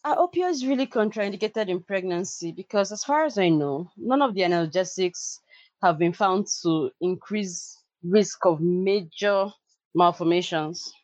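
A woman co-hosting a podcast, calmly explaining medical points to her co-host. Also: fairly low pitch, a little slow, dry recording. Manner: sympathetic, explanatory. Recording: dry, dull lo-fi remote audio.

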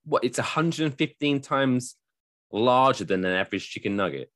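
Animated joking man co-host. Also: medium pitch, normal speed. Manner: jokey, animated, slips into silly voices. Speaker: podcast co-host. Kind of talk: casual chat.

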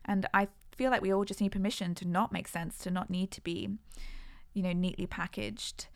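A woman's voice: mid-range voice, fairly even intonation, moderate pace, vocal fry. A woman co-hosting a podcast, talking in an earnest, reflective way in casual chat. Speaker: podcast co-host.

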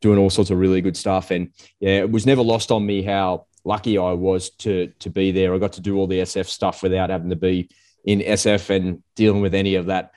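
A man, an army veteran, chatting casually as a lively storyteller. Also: low-pitched, fairly quick. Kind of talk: casual conversation.

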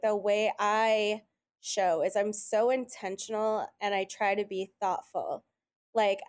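A woman chatting casually on a podcast, telling animated stories and quoting people often. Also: medium pitch. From Italian heritage. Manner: animated storyteller, quotes others often. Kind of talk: casual chat.

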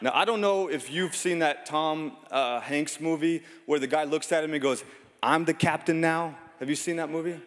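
A man in his thirties delivers a sermon in a relaxed, storytelling way, often poking fun at himself. His voice sits a little higher than most men's. The sound carries the long echo of a large church sanctuary. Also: moderate pace, hardly any pauses. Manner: conversational storytelling with self-deprecating humor. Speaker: pastor. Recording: long reverb of a large hall.

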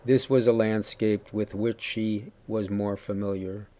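A man giving a steady, measured first-person story reading. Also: fairly low pitch. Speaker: reader.

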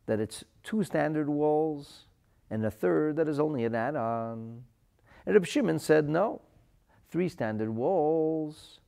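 A man teaching a Talmud lesson, asking rhetorical questions, reading Aramaic phrases and translating them, moving from quiet asides to loud emphasis. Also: medium pitch.

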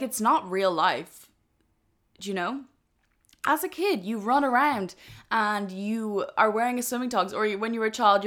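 A woman's voice: mid-range voice, fairly bright tone. Chatty twenty-year-old woman. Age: 20s. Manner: chatty, earnest, many "like" fillers. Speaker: podcast host. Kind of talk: casual solo podcast monologue.

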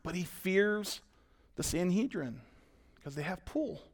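A male pastor preaching a sermon, animated, acting out voices and swinging between loud and quiet. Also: sits high, slow.

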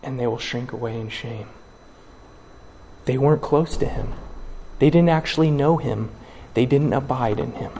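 A man preaching a sermon, dramatic, acting out the people he quotes and swinging from loud cries to hushed words. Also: mid-range voice, normal speed, long pauses, in a large hall, slight background noise. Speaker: pastor.

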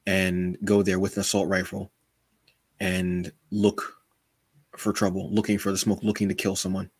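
A husky, somewhat low male voice with a casual, animated podcast-host delivery. He is from the United States and talks in a lively back-and-forth, recorded close and dry with no room sound. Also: normal speed, no room sound. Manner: animated, says "brother" often, acts out quotes.

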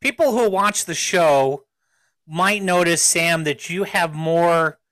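A man hosting a casual chat, enthusiastic and halting, with many fillers and restarts. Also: fairly high pitch, a bit bright, rough recording. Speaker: show host.

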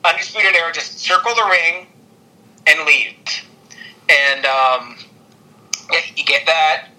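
A man talks through a casual podcast recap, his voice slightly high and very bright. He rambles, stacks fillers and breaks into frequent laughs. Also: slow, low-quality recording. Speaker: podcast co-host recapping wrestling. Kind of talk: casual chat.

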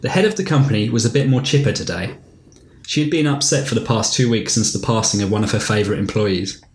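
A man hosting a podcast, reading a story aloud in a steady, deadpan way. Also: on the low side, fast. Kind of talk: reading fiction aloud with banter. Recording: roomy recording, faint noise.

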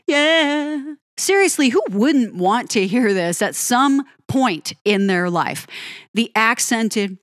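A woman giving an admiring, unhurried commentary on a pop ballad. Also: on the high side, expressive, no echo, clean studio sound. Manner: admiring, lingers on phrases, sings lyric snippets. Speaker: music reviewer. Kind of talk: song-by-song music commentary.

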